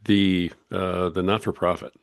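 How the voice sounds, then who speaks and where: A man's voice: deep voice, fairly even intonation, a little slow, vocal fry, no echo, clean studio sound. A man hosting a podcast interview, asking questions in a hesitant way with plenty of fillers. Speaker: podcast host.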